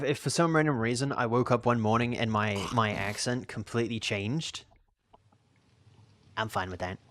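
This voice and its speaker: A man's voice: medium pitch, a bit bright. Rambling Australian man streaming a game. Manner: rambling, stammers and restarts his sentences; reads out and answers chat questions. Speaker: live streamer. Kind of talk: casual chat while playing a game.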